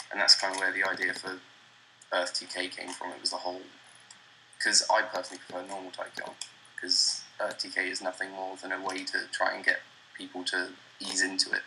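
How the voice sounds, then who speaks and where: A young British man with a low, level voice and a bright, forceful edge to his tone. He talks as a relaxed, self-deprecating guest over a voice call. A faint hiss sits behind him. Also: brisk, low-quality recording. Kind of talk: casual interview chat. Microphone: computer mic over a voice call.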